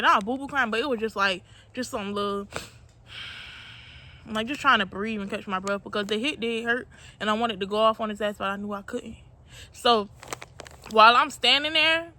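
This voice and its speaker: Bright-voiced young woman telling a storytime. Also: a little high. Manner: slangy, candid, addresses viewers as y'all. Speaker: storytime vlogger. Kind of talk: casual storytime vlog.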